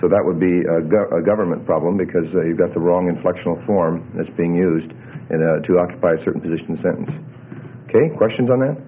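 Low-voiced man lecturing on grammar. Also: quick pace, husky, phone-quality sound. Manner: explanatory, with many fillers and restarts. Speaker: grammar teacher. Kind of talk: classroom lecture.

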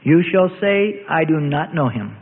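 A man voicing Jesus as a solemn, compassionate teacher, speaking in a grave, measured, archaic way. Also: on the high side, expressive, vocal fry, long reverb tail, narrow, tinny audio.

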